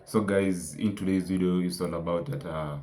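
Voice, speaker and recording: Deep, flat-voiced male reaction host. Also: moderate pace. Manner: hesitant, with fillers. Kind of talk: video intro to camera.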